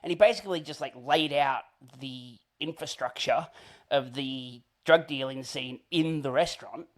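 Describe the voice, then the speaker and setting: A man's voice: mid-range voice, normal speed. Aussie guy rambling thru a story in an interview, lots of likes and ums, laughs a bit, normal mid voice. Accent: Australian. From Australia. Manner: rambling, filler-heavy storytelling with frequent laughs. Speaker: interview guest, comedian.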